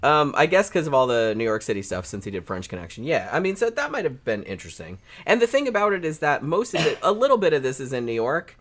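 A man's voice: on the high side, very animated, fast talker, hardly any pauses, a bit bright. Rambling man reviewing a film casually. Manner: rambling, swears, laughs often. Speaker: podcast co-host.

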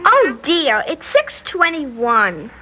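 An actress playing an eerie little girl, prim, sweetly polite and quietly menacing, in a radio drama. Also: sits high, huge pitch swings, drawn-out words, soft background music, full character voice, poor audio. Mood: calm, polite.

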